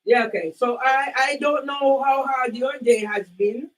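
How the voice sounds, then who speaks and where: A woman's voice: sits high, measured pace, recorded from a distance, poor audio. Questioning woman, heard from off the mic. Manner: questioning, repeats herself, asks for things to be repeated. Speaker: channel owner. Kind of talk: recorded doorstep argument.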